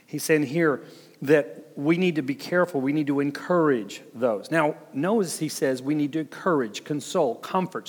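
A man's voice: a little high, long reverb tail. A man preaching as a pastor, telling stories with chuckles and acting out what people said. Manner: storytelling, chuckling, acts out quotes. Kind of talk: sermon with personal stories.

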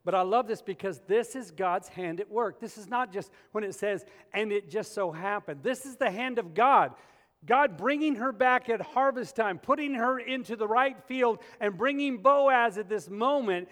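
A man with a high-pitched voice delivers a sermon from the pulpit. He tells humorous, animated stories that build into the teaching. The sound rings out with the long reverb of a large hall. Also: moderate pace. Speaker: pastor.

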